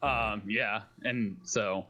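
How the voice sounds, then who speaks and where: A man's voice: on the low side, fairly even intonation, very slow, pushed and bright. A man telling stories in a casual late-night stream chat, often laughing as he rambles.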